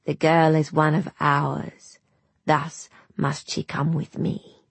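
A cruel, toothless old fairy crone, voiced by a woman narrator, sly and menacing with sudden swoops in pitch. Her husky voice creeps along slowly. The sound is dry and close. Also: little pitch movement, no room sound, heavily acted.

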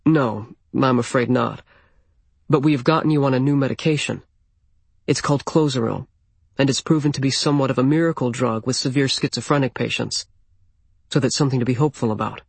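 A man voicing a gentle, kind male hospital doctor who speaks in a soft, measured way. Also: medium pitch, dry recording, natural voice. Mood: gently firm.

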